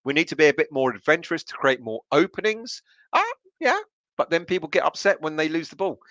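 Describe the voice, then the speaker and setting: An English man with a higher, sing-song, slightly bright voice talks fairly quickly. The audio is dull with no room sound. Hosting a casual live stream as a podcast host, he reads viewers' chat comments and answers each one chattily, laughing often, with many fillers and restarts.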